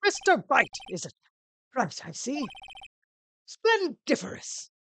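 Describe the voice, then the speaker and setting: A woman's voice: high-pitched, sing-song, slow pace, gravelly, fairly bright tone, slight background noise, voice pushed up, exaggerated voice. A woman voicing a pompous, arrogant male company boss in a put-on British accent, grandiose and showy with affected words, with game music behind. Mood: haughty.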